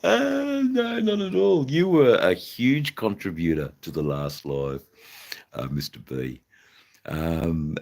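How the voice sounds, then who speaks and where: A Western Australian man hosting a casual motorcycle live stream, rambling and halting with many fillers. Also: low-pitched, a little mellow. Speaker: motorcycle channel host. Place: indoors in front of a flag backdrop. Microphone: phone.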